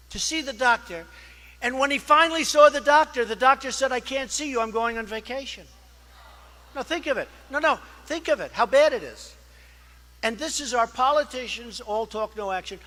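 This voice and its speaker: A man delivers a rambling campaign speech with a very high pitch for a man and an intensely forceful, tense tone. He boasts and repeats himself, drifts into asides and acts out conversations he claims to have had. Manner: conversational, acts out quoted exchanges. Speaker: political candidate. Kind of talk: campaign speech at a fundraising dinner.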